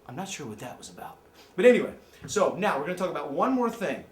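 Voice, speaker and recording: A man giving a joking, excitable movie review rant, from the American Midwest. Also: on the high side, quick pace, roomy sound. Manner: joking, excitable, jumps into mocking voices. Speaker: amateur movie critic.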